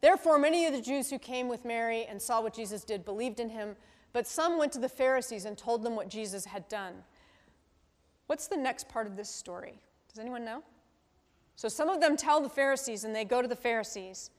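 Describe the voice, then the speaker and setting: With a fairly high pitch and lively intonation, a woman pastor talks a little fast through a conversational sermon. She frequently checks in with the congregation through tag questions, teacher-style, amid the long reverb of a large hall.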